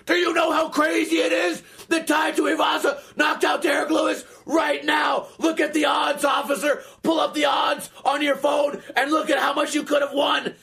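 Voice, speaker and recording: A man voicing a loud, drunk man in his thirties who shouts excitedly. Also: very high voice, normal speed, creaky, hardly any pauses, some chatter behind, pitched above the performer's own voice, exaggerated voice. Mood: drunk shouting.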